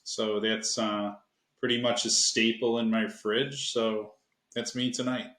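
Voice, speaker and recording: A man's voice: fairly low pitch, little pitch movement, a little slow, fairly bright tone, reverberant. A man from Buffalo, New York, a podcast guest speaking casually and hesitantly with many fillers. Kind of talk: casual chat.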